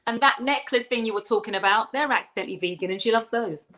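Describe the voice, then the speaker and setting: A woman's voice: on the high side, quick pace, fairly bright tone. A woman from East London with a London accent, a guest chef chatting with friendly wit. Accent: London English. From East London, England. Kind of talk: casual interview chat.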